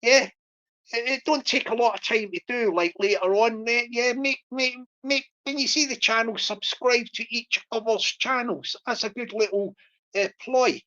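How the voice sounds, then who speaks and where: A woman talking casually on a livestream, rambling through her points with false starts and chuckles. Her voice sits somewhat high for a woman. The sound is dull and lo-fi. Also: moderate pace, a bit bright. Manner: rambling, many fillers and restarts, chuckles. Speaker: YouTube livestreamer. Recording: lo-fi dull stream audio.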